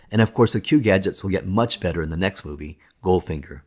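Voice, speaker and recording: A man narrating a film documentary in a steady, enthusiastic storytelling manner. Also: sits low, fast talker, breathy edge. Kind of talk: scripted narration.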